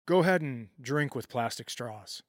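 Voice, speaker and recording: A man co-hosting a comedy podcast, tossing in quick sarcastic, profane jokes during his partner's story. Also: mid-range voice, expressive, no room sound, studio quality. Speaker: podcast co-host. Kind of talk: casual comedic banter.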